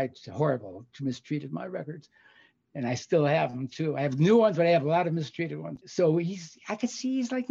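Older male storyteller from Chicago, a bit higher voiced, loose and salty, acts out quotes, dull lo-fi sound. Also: creaky. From Chicago, USA. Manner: rambling, profane, animated quoting of others. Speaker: guest recounting music industry career. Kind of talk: casual storytelling.

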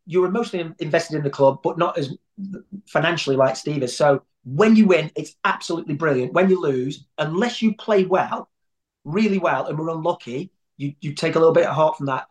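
A man speaking as an interview guest, telling stories in a loose, rambling way full of restarts. His voice sits a little higher than most men's. He talks conversationally and casually throughout. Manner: rambling storyteller, many restarts. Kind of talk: conversational anecdote.

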